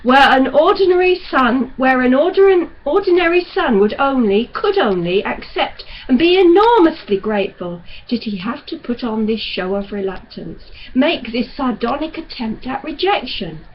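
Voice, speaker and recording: Woman narrator, slightly high voice, very unhurried; dull audio, faint hiss. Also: animated. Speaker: audiobook reader. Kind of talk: novel narration.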